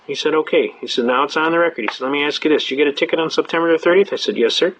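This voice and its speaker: Fast-talking folksy male lecturer. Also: a little high, a bit bright. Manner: rapid, folksy, acts out dialogue. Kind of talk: fast-paced lecture with storytelling. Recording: dull lo-fi remastered lecture tape.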